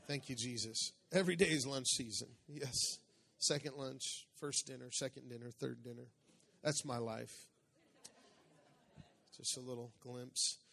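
A man's voice: medium pitch, vocal fry, fairly bright tone. A middle-aged male pastor preaching a sermon in a conversational way, calling out to the congregation and joking. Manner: conversational preaching with crowd call-outs and jokes.

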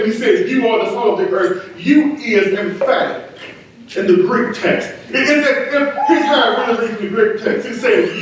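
A pastor with an extremely high-pitched voice preaches a sermon at a moderate pace in a church sanctuary, emphatically repeating key words for stress. The distant mic picks up an echoey room and a little hiss or hum.

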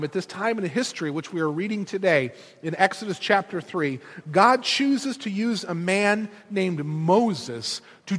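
A male pastor preaching a sermon in an animated, storytelling way with casual conversational asides, in a church. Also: high-pitched. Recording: reverberant hall.

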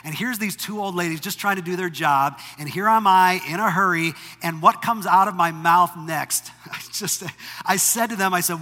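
Bright-voiced pastor in a reverberant hall. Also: male voice, high voice, normal speed. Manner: conversational storytelling with self-deprecating humor. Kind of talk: sermon. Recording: long reverb from a large hall.

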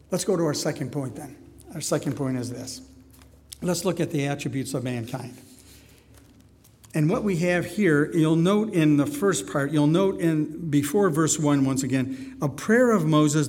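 A man's voice: a little high, darkish tone. A middle-aged male pastor preaching a sermon to a congregation, often asking them questions. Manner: asks the congregation many questions. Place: church sanctuary. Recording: long hall reverb.

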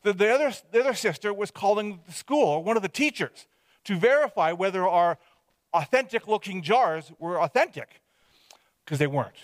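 A man's voice: sits high, expressive, moderate pace, no room sound. A man from British Columbia giving a personal testimony as a rambling, self-deprecating storyteller. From Hope, British Columbia, Canada.

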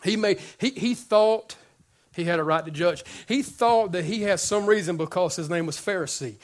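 A man's voice: sits high, moderate pace. A man preaching a sermon to his congregation in a conversational, joking way, often repeating words as he builds up. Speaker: pastor.

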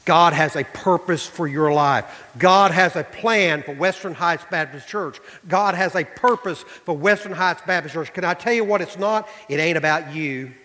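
Animated preacher in a reverberant church. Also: male voice, fairly high pitch, moderate pace, few pauses. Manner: animated preaching, voice rising to near shouts. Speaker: pastor. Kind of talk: sermon. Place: church sanctuary.

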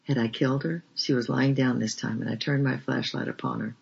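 A man narrating a memoir as an audiobook reader, with a measured, flat delivery. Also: medium pitch, creaky, slightly rough. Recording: dull lo-fi recording.

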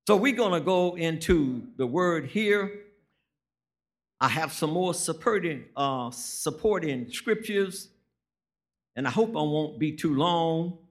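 Slow-preaching man in his sixties. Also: on the high side, lively intonation. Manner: folksy storytelling, rising to emphatic preaching. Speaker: guest preacher. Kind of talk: sermon.

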